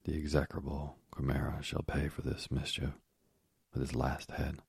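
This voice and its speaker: A man's voice: rumbling low, monotone, moderate pace, gravelly, darkish tone, husky, no echo, heavily acted. A man reading the lines of a brave young male hero in an earnest, declaiming way. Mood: bold.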